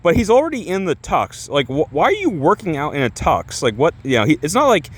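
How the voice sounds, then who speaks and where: A man's voice: fairly high pitch, sing-song, fairly quick, husky. A young adult man casually reviewing a movie, rambling with restarts, constant filler words and swearing.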